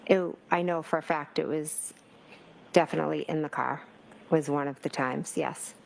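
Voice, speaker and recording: A woman's voice: low-pitched, steady tone, moderate pace, vocal fry, slight background noise, low-quality recording. A woman giving courtroom testimony as a witness, hesitant, with many fillers and restarts. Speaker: trial witness.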